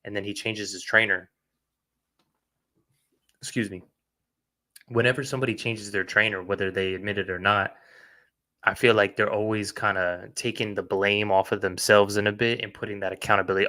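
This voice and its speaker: A man's voice: fairly low pitch, fairly even intonation, moderate pace, pauses often, sharp tone. A man hosting a reaction video, talking in a blunt, chatty way with lots of fillers. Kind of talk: casual reaction commentary.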